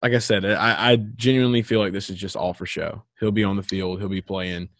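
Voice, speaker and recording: Low-ish guy rambling about football, tons of "like" and "i mean", dry close mic. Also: fairly even intonation, fairly quick, fairly bright tone, no room sound. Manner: rambling, lots of filler words. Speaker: podcast co-host. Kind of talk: casual sports chat.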